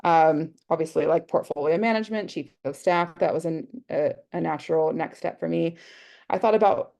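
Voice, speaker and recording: A woman's voice: deep voice, normal speed, creaky, darkish tone. An Australian woman presenting an online workshop on a video call, chatty and thinking aloud with lots of fillers. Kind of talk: casual online workshop talk.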